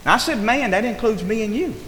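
This man preaches a sermon with a high-pitched, expressive voice that is fast and a bit bright. His delivery rises and falls in a preaching cadence, often stressing words. The hall is echoey with long reverb and faint noise.

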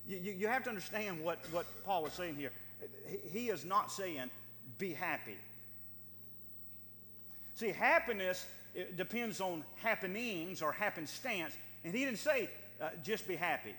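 A man's voice: high-pitched, lively intonation, normal speed, sharp tone, slight background noise. A man preaching a sermon as pastor, with emphatic delivery that repeats phrases for stress. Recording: long hall reverb.

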